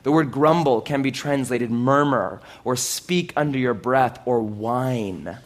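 A man preaching a sermon in an animated way, with loud exclamations, hushed asides and sarcastic, self-mocking humor. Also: medium pitch, takes it slowly. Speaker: pastor.

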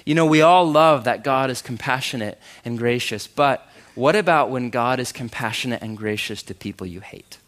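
A man preaching a sermon, animated and emphatic, asking his congregation questions and dropping quiet for serious points. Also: medium pitch, normal speed. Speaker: pastor.

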